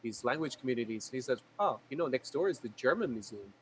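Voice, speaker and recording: A man's voice: medium pitch, animated, slight background noise, poor audio. A man who is a language YouTuber, telling travel stories with enthusiasm in a casual video call chat. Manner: fast, enthusiastic storytelling.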